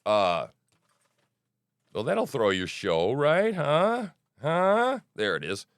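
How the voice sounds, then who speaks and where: A man's voice: mid-range voice, huge pitch swings, slow, clear, resonant tone, no echo, studio quality. A middle-aged man hosting a podcast, rambling through news commentary with profanity, restarts and asides. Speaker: podcast host.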